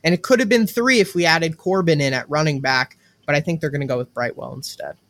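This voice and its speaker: Young co-host with a slightly high voice. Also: male voice, quick pace, fairly bright tone. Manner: brief, laughing asides. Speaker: podcast co-host. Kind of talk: casual sports podcast chat.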